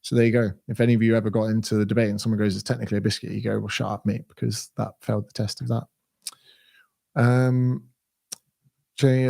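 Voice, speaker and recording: A man's voice: medium pitch, vocal fry, mellow. A man in his thirties with a southern English accent, a fitness coach answering viewer questions in a blunt, sweary, ranting way. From England. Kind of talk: casual Q&A livestream.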